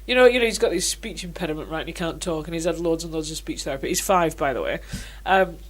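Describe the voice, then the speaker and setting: A woman, co-hosting a casual chat podcast and telling animated, laughing stories. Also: low-pitched, quick pace. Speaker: podcast co-host.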